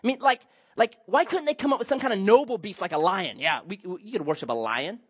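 A man's voice: sits high, expressive, quick pace, breathy edge. A man pastor giving a sermon, telling Bible stories with humor and acted asides, on a dull lo-fi recording.

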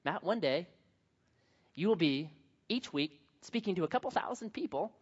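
A middle-aged male pastor preaching a sermon, telling stories with lively acted-out quotes. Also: high-pitched, normal speed, husky, dull audio. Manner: animated storytelling with acted quotes.

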